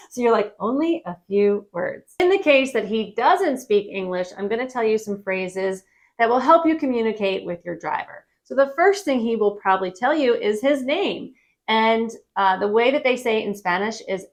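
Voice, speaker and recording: A woman giving a casual travel-phrase lesson, friendly and repeating phrases slowly for learners. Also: a little high, animated. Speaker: Spanish teacher.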